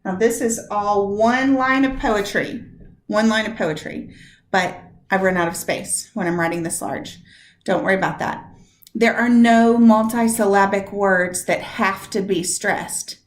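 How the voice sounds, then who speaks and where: Slow, patient woman teacher in an echoey room. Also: medium pitch. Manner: patient, explains step by step, repeats words slowly to show their stress. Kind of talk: recorded classroom lesson on poetic meter. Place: room with a whiteboard.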